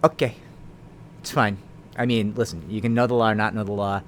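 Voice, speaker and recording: A man's voice: on the low side, fairly even intonation, fairly quick, slight background noise. A man, a lawyer, explaining the law in a casual video, talking conversationally with tag questions and dry sarcastic asides.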